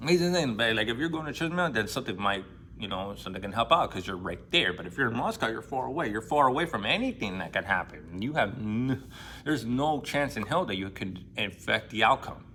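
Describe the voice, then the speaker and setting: A man casually retelling a novel, swearing freely and acting out characters' lines with excitement. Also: on the low side, fairly quick, a little hiss or hum. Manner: profane, excitable, acts out quoted lines in a raised voice. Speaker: book vlogger.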